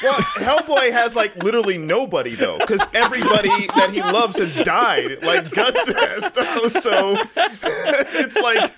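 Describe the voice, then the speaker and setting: A man on a podcast chatting in an animated, rambling way, often breaking into laughs. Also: extremely high pitch, unhurried, a loud crowd. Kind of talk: casual chat.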